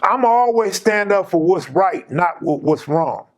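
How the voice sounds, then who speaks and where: A man's voice: high voice, lively intonation, measured pace. A man hosting his channel, casually telling a personal story in an emphatic, slang-heavy way.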